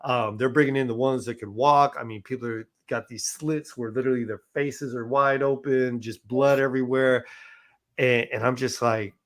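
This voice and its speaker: The man's voice sits in the middle range, steady and at a moderate pace. He's being interviewed and shares his experiences in a loose, chatty manner, restarting sentences and often adding "right?"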